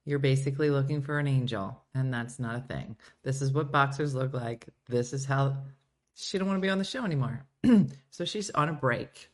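A woman's voice: extremely low pitch, moderate pace, a little mellow. A middle-aged woman hosting a casual show, chatting and giggling as she reads viewer comments aloud. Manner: giggly, chatty, breaks into playful put-on voices. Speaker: show host. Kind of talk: casual live chat reading viewer comments.

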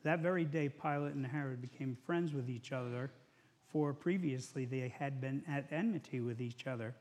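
A man's voice: mid-range voice, normal speed, darkish tone. A middle-aged man preaching a sermon in a loose, conversational way, retelling scripture in his own words. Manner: conversational, paraphrasing scripture with acted quotes. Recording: echoey hall.

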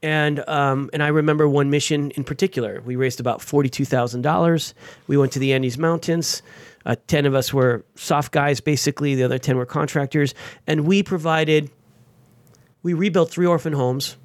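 A man, a veteran guest on an interview show, telling his story with energy and sudden jumps in pitch. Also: fairly even intonation, normal speed, dry recording. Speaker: guest, veteran and nonprofit founder.

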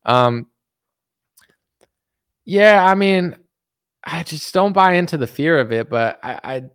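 A man's voice: a little high, lively intonation, slow, fairly bright tone, smooth, no room sound, clean studio sound. A man hosting a casual livestream, reading out chat and making sarcastic, joking asides.

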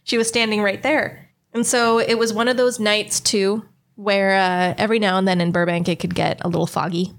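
A young woman co-hosting a podcast, telling a story at a casual pace. Her voice sits in a medium pitch, and she talks in a loose, chatty way, swearing freely as she acts out what people said. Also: fairly even intonation, moderate pace, few pauses. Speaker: podcast co-host.

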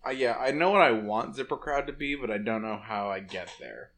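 A man co-hosting a casual comedy podcast, rambling and self-deprecating. His pitch moves around a lot as he talks, and he breaks into laughs easily. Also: expressive, brisk, fairly bright tone. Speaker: podcast co-host.

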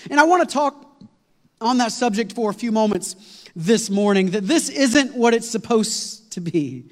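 A man preaching a sermon, telling a long story in an animated, rambling way with many fillers and restarts. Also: sits high, normal speed. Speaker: pastor. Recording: long hall reverb.

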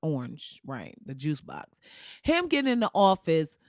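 A man's voice: on the high side, huge pitch swings, unhurried, no room sound, clean studio sound. A man delivering a casual, comedic rant to camera, full of slang and profanity, with laughing asides. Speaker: vlogger.

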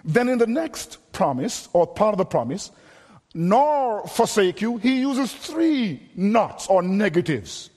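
A male preacher with a high-pitched voice delivers an emphatic sermon, circling back and repeating words to drive his points home. His voice rings out with a long reverb, as in a large hall. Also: big pitch swings, a little slow, hardly any pauses, darkish tone, slightly rough.

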